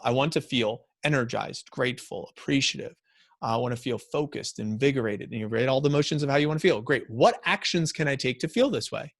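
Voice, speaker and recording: A man giving a motivational talk to a company's staff, energetic and repeating key phrases for emphasis. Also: medium pitch, no echo, clean studio sound. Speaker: motivational speaker.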